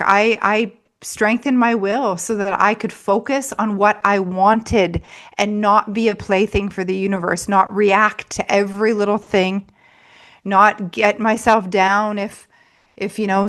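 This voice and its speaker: A money mindset coach, appearing as an interview guest, tells a story chattily with frequent laughs and fillers. Her voice is medium-pitched.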